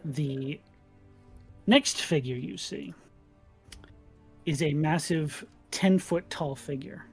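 A man running a tabletop role-playing game as game master, describing scenes in an unhurried, detailed way. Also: a little high, gravelly, a little mellow, husky, faint music behind.

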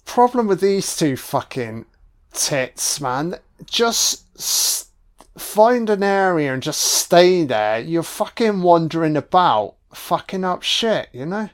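A man giving a casual, sweary audio commentary on a film, reacting out loud to what he sees. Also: sits high, sing-song, slow pace. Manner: sweary, exclaiming reactions at the screen.

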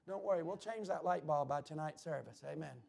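A pastor preaching a sermon in church, building to shouted emphasis and dropping into quick asides to the congregation. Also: male voice, on the high side, gravelly.

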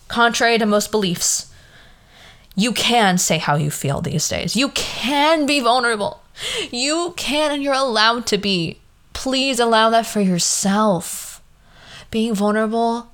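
A woman in her early twenties talking casually on her own podcast, tired and yawning, full of "like" and acted-out quotes. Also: mid-range voice. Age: 20s. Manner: chatty, lots of "like", animated quoted voices. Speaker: podcast host. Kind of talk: casual solo podcast monologue.

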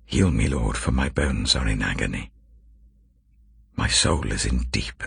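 A man slowly and solemnly reading scripture aloud, with a very deep, gravelly, husky voice. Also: dry recording. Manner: slow, measured, expressive reading. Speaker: scripture reader.

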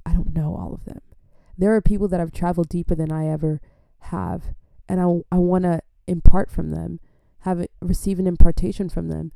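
A woman giving a casual sermon from home into a microphone, telling her testimony in a rambling, animated way full of fillers. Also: on the low side, brisk, gravelly, hardly any pauses, no room sound, studio quality. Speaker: preacher sharing testimony. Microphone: studio microphone.

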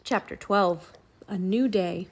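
A woman narrating a children's audiobook with clear, expressive storytelling. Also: medium pitch, slow pace, a little hiss or hum.

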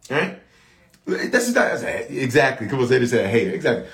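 A man's voice: medium pitch, brisk, reverberant. A man preaching a sermon as bishop, calling out to his congregation for response. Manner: animated, calls out to the congregation for response.

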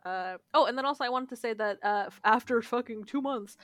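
A woman's voice: on the high side, a little fast. A young woman on a casual podcast, telling a story with lots of swearing and acted-out dialogue. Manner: animated storytelling, swears a lot, acts out dialogue. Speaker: podcast co-host. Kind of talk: casual chat.

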